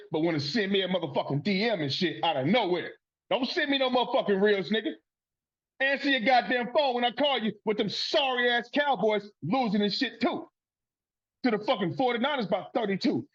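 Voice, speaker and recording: Male sports podcast host, high husky voice, heated profane rant, lo-fi recording. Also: fairly bright tone. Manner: profane, fired-up and ranting.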